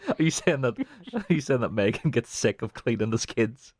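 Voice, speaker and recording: A man's voice: mid-range voice, animated, a little mellow. A man with a Northern Irish accent, a filmmaker guesting on a film podcast, chatting casually and tossing in crude jokes. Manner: playful, quick with crude jokes. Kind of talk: casual chat.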